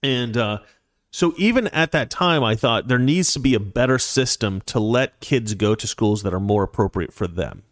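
A man in his forties hosts a casual political talk show, speaking from a close, dry microphone with no room sound. His voice sits at an ordinary middle pitch, and he talks in an opinionated way, straight to his audience. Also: animated, normal speed, no room sound. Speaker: show host. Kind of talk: casual political commentary with viewer chat.

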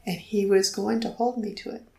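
A woman's voice: medium pitch, fairly even intonation, brisk, gravelly, dark tone, roomy sound, poor audio. A middle-aged woman earnestly telling a personal faith story in conversation, acting out the voices she quotes. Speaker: guest telling her story.

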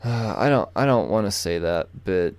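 A man's voice: fairly low pitch, animated, normal speed, a little mellow, no echo. A man casually reviewing new comic book releases, blunt and profane, breaking into swearing rants.

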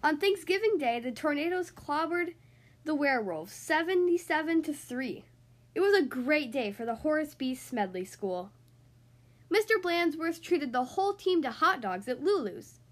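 A woman reading a children's picture book aloud with expressive, animated storytelling. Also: high voice, moderate pace. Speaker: storybook reader.

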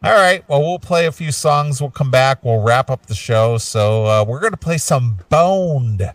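Laid-back man, lively pitch, dry mic. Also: measured pace, no echo, far from the mic. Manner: laid-back, musing, repeats himself. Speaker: radio show co-host. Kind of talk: casual chat.

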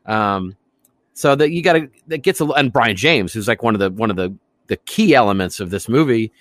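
A man's voice: lowish voice, expressive, moderate pace, a bit bright, no echo. Chatty man on a movie podcast. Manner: enthusiastic, rambling, laughs often. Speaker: podcast co-host. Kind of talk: casual movie podcast chat.

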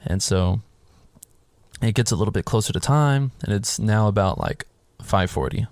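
A man with a lowish voice chats his way through a film's plot in a loose, rambling way, slipping into the characters' lines as he goes. The sound is dry and close, with no room echo at all. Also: expressive, moderate pace, gravelly, darkish tone. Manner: rambling storytelling with quoted character lines and swearing. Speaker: podcast host recapping a film. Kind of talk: casual chat.

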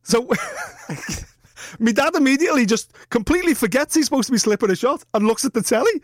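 A man's voice: very high-pitched, expressive, brisk, no echo, clean studio sound. A man co-hosting a podcast, telling a long rambling anecdote with swearing and laughter. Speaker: podcast co-host. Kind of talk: casual storytelling chat.

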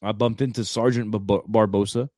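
Animated man telling a story, very dry sound. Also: on the low side, fairly quick, dry recording. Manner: animated storyteller, acts out quoted dialogue, stumbles and restarts. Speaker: Marine staff sergeant, former recruiter. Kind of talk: casual storytelling chat.

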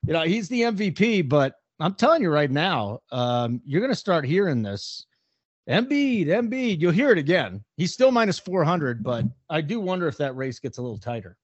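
Guy hosting sports talk, opinionated, quick takes, kinda dull dry audio. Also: a little high, very animated, dry recording. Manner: opinionated, brisk, talks betting odds. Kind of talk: casual sports radio chat.

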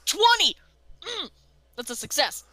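A woman playing in a tabletop horror game, reacting excitably as she speaks for her character. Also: sits high, measured pace, no room sound. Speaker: player. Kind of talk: casual tabletop play.

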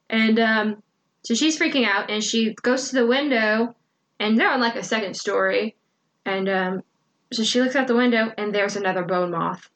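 A woman's voice: mid-range voice, normal speed, fairly bright tone. A woman co-hosting a casual podcast, retelling a book's plot in a chatty way with lots of fillers and quoted lines. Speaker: podcast co-host recapping a book. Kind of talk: casual chat.

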